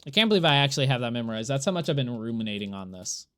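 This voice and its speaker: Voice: medium pitch, very animated, rapid-fire, a bit bright. A streamer chatting to viewers during a live gameplay stream, rambling and exasperated, laughing often. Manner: exasperated, rambling, talks to chat while playing.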